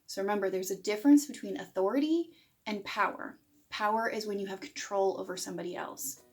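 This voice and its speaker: A woman's voice: medium pitch, fairly quick. A woman in her thirties giving a parenting lesson to camera, explaining plainly and acting out what a parent might say. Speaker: parenting educator.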